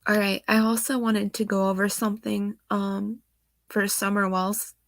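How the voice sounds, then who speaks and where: A woman's voice: mid-range voice, flat delivery, moderate pace, no echo. A woman reading out news reports on missing children and commenting on them, emotional and sighing, close to tears. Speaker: true crime channel host.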